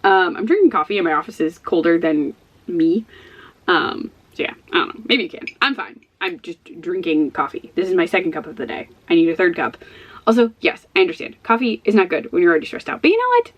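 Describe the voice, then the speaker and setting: A woman's voice: fairly low pitch, lively intonation, brisk, highs cut off. A woman chatting casually in a book vlog from her home office, stressed, rambling and self-deprecating, with little laughs between phrases. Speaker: book vlogger.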